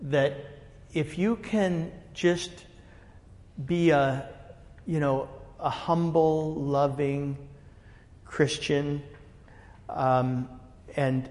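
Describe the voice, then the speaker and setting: A man, a pastor, telling a story in casual group talk, rambling and animated with lots of "you know". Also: fairly high pitch, extremely slow, pauses often, big-room sound. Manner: animated, rambling, many fillers.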